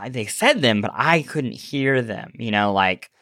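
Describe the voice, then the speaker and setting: A man with a sore throat hosting a casual podcast chat, animated and laughing, often restarting his sentences. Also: medium pitch, a little slow, no echo, studio quality. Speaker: podcast host.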